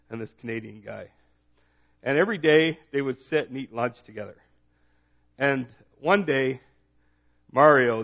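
A man in his forties preaching a sermon, telling a joke and then driving home his point with emphatic repetition. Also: mid-range voice. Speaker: pastor. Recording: dull lo-fi recording.

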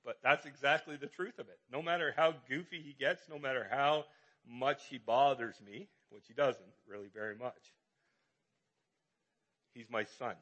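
A man's voice: mid-range voice, normal speed, pushed and bright. A middle-aged man, a pastor, preaching a conversational sermon with lots of repetition and rhetorical questions.

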